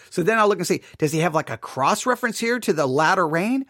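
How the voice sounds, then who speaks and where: Male podcast host, high voice, dry close sound, animated and exasperated commentary. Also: fast, hardly any pauses, dry recording. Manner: animated and exasperated, with rising questions and asides. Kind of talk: solo podcast commentary on a Bible study text.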